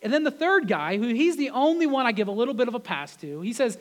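High-voiced man preaching a conversational sermon. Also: very animated, fast. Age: adult with wife and kids. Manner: conversational, peppered with rhetorical questions. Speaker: pastor.

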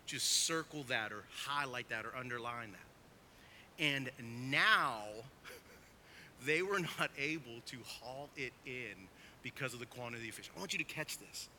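A man preaching a sermon as pastor, emphatic, swinging from quiet asides to loud, urgent stresses. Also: mid-range voice, lively intonation, unhurried, a little hiss or hum.

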